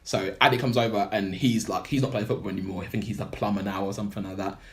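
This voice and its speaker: A man's voice: on the low side, fairly even intonation, fast talker, vocal fry. A man on a podcast, casually recapping a film plot in a rambling way full of "like" and "blah blah". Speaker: podcast co-host.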